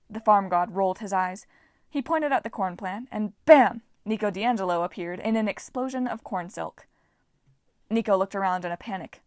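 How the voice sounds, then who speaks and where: A woman narrates an audiobook with a lively, expressive delivery. Her voice sits in a middle pitch. The recording is dry, close and free of room sound. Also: normal speed, no room sound.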